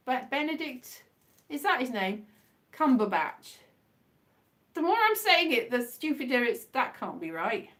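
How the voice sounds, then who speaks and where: Woman, livestream host; high, very lively voice; rambling, wry, self-mocking chat. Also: measured pace, long pauses.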